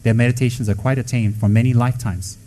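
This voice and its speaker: A man's voice: mid-range voice, steady tone, fast, warm tone, poor audio. Blunt, joking male dharma teacher. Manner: blunt, scolding, joking asides; acts out quoted voices. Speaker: Buddhist teacher. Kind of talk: dharma talk to students.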